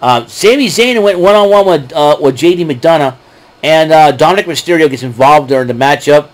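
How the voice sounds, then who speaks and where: A man's voice: on the high side, expressive, fairly quick. Rambling man recapping with chuckles. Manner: rambling, many fillers and restarts, chuckles at his own jokes. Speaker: wrestling show recap host. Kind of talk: casual solo recap talk.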